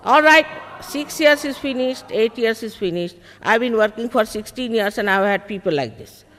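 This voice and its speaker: A woman's voice: fairly high pitch, animated, moderate pace, a bit bright. An older woman, a spiritual teacher at a public talk, firmly scolding and repeating her points. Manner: firm, scolding, repeats herself. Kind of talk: public talk, heated exchange with audience. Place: large public hall. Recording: long reverb of a large hall.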